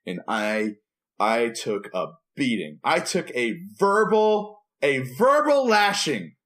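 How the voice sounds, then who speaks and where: A man co-hosting a podcast, telling a story in a playful, animated way and acting out the dialogue. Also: medium pitch, takes it slowly. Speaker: podcast co-host, preacher. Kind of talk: casual storytelling chat.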